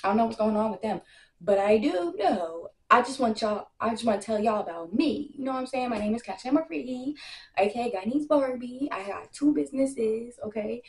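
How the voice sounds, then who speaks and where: A young woman telling a casual storytime, brash and animated, full of slang and profanity, acting out what others said. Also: on the high side, fairly quick. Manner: acts out other people's lines in quotes. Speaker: storytime vlogger. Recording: echoey room.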